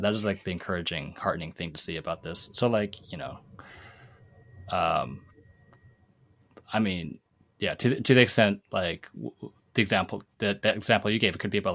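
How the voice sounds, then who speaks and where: A man's voice: deep voice, creaky, a bit bright, dry recording. A man from Washington state co-hosting a casual discussion, talking loosely with many fillers and restarts. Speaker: podcast co-host.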